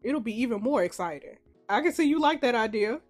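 A woman's voice: a little high, lively intonation, brisk, soft background music, voice pushed down. A woman reading as a sly teasing heroine. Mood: sultry.

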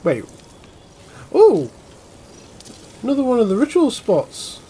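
A young man giving casual, jokey commentary while playing a game, swinging between muttering and yelling. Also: fairly high pitch, animated, normal speed. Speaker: gaming channel host.

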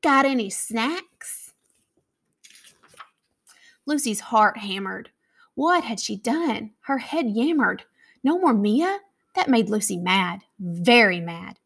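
A woman with an American accent reading a children's picture book aloud, expressive and animated, taking on voices for the characters. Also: mid-range voice, takes it slowly, creaky, slightly rough. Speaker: school academic coach reading aloud. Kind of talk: children's storybook read-aloud.

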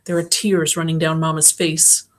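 A woman's voice: sits low, level tone, moderate pace. A woman reading a novel aloud as an audiobook, narrating in the first person. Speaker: audiobook reader.

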